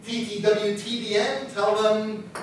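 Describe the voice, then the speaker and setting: A book publisher presents a workshop on writing a book, his high-pitched voice steady and unhurried as he chats with self-deprecating humor. The instructional talk is picked up from a distance in an echoey room, with a little hiss or hum.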